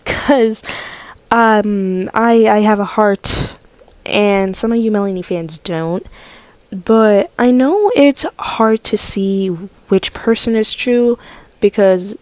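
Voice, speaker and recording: Slow, halting woman vlogger with a mellow voice. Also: a little high, no room sound. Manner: halting, filler-heavy, stuttering delivery. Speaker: commentary YouTuber. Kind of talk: casual commentary vlog.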